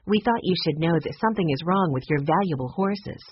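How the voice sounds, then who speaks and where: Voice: mid-range voice, expressive, fairly quick, slightly rough. A reader voicing a polite young girl. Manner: polite, caring. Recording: muffled lo-fi audiobook recording.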